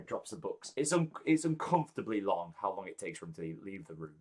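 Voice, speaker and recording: A low-voiced man narrating as game master in a tabletop role-playing game. He talks casually and loosely, with lots of fillers. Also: very animated, fairly quick, hardly any pauses, a little mellow, breathy edge.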